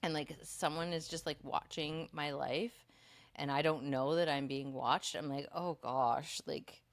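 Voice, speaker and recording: A young woman with a notably low voice co-hosts a casual podcast. She rambles through her stories with plenty of filler words and swears without a second thought. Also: steady tone, measured pace. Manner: swears freely, rambling with many likes. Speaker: podcast co-host and coach.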